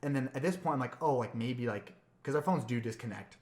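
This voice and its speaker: Fast-talking man telling a story. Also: mid-range voice, lively intonation, a little mellow, roomy sound. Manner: rambling, repeats words, acts out quotes. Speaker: podcast co-host. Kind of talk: casual storytelling chat.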